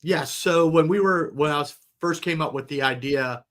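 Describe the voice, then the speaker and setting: Middle-aged guy chatting loosely on a webinar, kinda high-pitched, lots of restarts. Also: moderate pace. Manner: relaxed, rambling with restarts. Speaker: guest, company founder. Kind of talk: casual webinar talk.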